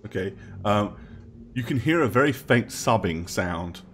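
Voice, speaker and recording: A man's voice: on the low side, animated, measured pace, fairly bright tone, a little hiss or hum. A man running a tabletop game as game master, giving rulings with many hesitations. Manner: hesitant, filler-heavy rulings.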